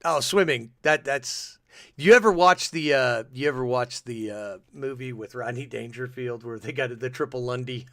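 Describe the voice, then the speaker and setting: A man hosting a podcast in casual chat, reacting excitably to clips and laughing often. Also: mid-range voice, normal speed, no echo. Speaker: podcast host.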